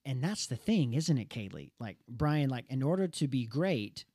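A man's voice: medium pitch, normal speed, breathy edge, no room sound. Earnest man telling a story, dry sound. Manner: earnest, animated storyteller with frequent restarts. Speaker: podcast co-host. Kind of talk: casual storytelling chat.

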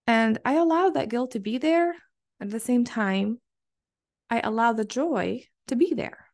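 A woman hosts her own podcast, speaking in a slightly high voice. She talks earnestly and encouragingly, circling back to repeat key phrases as she coaches her listeners. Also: expressive, normal speed. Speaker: podcast host. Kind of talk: solo podcast coaching talk.

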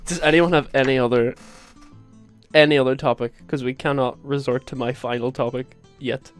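A man's voice: mid-range voice, steady tone, moderate pace, smooth, soft background music. A man hosting a casual podcast, exasperated as he tries to steer his friends back on track. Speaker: podcast host and editor. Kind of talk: casual banter among friends.

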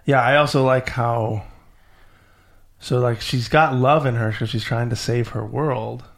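A man hosting a podcast, retelling a myth to a child in an animated, storytelling way. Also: mid-range voice, unhurried, gravelly. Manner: animated storyteller, acting out characters. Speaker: podcast host.

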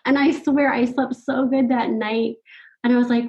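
A middle-aged woman, a podcast guest, telling a personal story in casual conversation, animated and laughing often. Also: a little high, normal speed, highs cut off. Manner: animated, laughs often, quotes her own thoughts.

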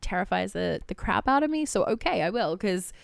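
A woman's voice: mid-range voice, very animated, brisk, gravelly, slight background noise. A young Australian woman, an actress being interviewed, telling her story in a chatty way, often quoting others and laughing. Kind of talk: casual interview chat.

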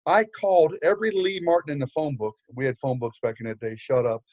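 An older male preacher spins a story in a lively, joking sermon style, stumbling over fillers and restarts. His voice sits a bit high for a man. The recording is dry, with no room echo. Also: quick pace, highs cut off. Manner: animated, humorous, many fillers and restarts.

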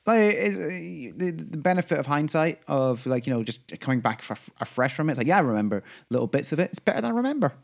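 In a fast, sing-song voice on the high side, laced with vocal fry and few pauses, a podcast co-host excitedly rambles about shows he adores, full of fillers and restarts in casual chat.

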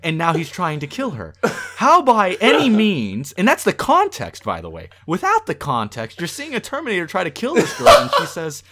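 A man in casual conversation, reviewing a movie with exasperated, animated delivery and acted-out quotes. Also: high-pitched, moderate pace, slight background noise.

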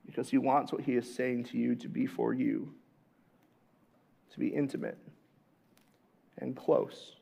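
A man in his thirties preaching a conversational sermon as a pastor, dropping to a hush and then rising loud and animated. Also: medium pitch, unhurried, gravelly, long pauses, slightly rough.

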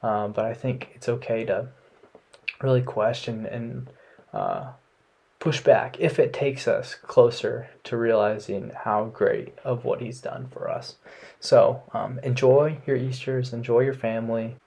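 A young man hosting a casual faith podcast, talking in a relaxed, rambling way with many ums and restarts. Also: mid-range voice, unhurried, gravelly, breathy edge. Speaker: podcast host. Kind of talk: casual devotional podcast talk.

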